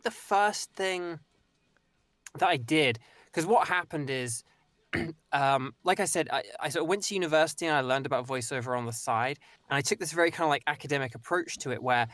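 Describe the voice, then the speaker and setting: A man's voice: on the high side, fairly bright tone, dry recording. Chatty young Northern English man. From England. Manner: rambling, many restarts and "like". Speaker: voice actor guest. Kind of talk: casual conversation.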